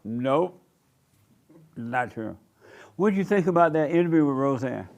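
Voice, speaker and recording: A pastor and show host telling a story in a casual, colloquial way, laughing often and snapping out punchy retorts. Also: male voice, mid-range voice, lively intonation, unhurried, creaky, darkish tone.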